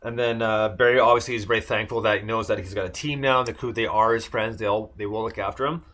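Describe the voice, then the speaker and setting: A man with a fairly low voice talks through a TV episode in loose podcast chat. He rambles, fills gaps with "like" and "uh", and restarts his sentences often. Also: fairly even intonation, fast, fairly bright tone. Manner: rambling, many fillers and restarts. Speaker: podcast co-host. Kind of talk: casual chat recapping a TV episode.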